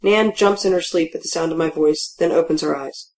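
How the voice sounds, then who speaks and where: A woman's voice: low voice, brisk, a little mellow. A woman narrating a first-person novel in a wry, matter-of-fact way with a dry sense of humor. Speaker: audiobook narrator.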